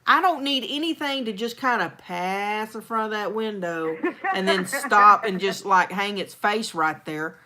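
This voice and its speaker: A woman from Texas, chatting as a host. Her voice is bright and lively, and she acts out other people's lines as she tells stories. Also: medium pitch, a little slow, hardly any pauses. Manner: animated storyteller, acts out quotes. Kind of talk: casual chat.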